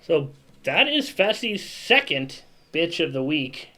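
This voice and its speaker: A man's voice: on the high side, big pitch swings, slow, bright, forceful tone, low-quality recording. A man hosting a casual podcast, running the segments and handing turns to his co-hosts. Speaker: podcast host.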